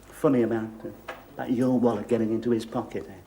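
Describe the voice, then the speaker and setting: An actor playing a nosy, suspicious middle-aged landlord in a studio sitcom, blustering and stammering out sly insinuations. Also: male voice, mid-range voice, level tone, quick pace, warm tone, natural voice. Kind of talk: 1970s studio sitcom acting. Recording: hissy old TV recording.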